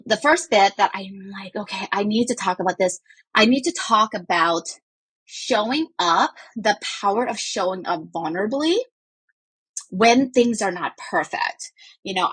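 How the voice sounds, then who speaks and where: A woman mindset coach talking casually in a voice memo, rambling quickly with many fillers and restarts. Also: medium pitch, a bit bright, slightly rough, no room sound.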